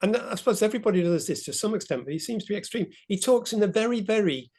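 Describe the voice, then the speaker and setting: A man's voice: high voice, animated, fast talker, a little mellow, slightly rough. Chatty man leading a video-call talk. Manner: chatty, meandering, light laughs. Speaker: presenter of a group talk.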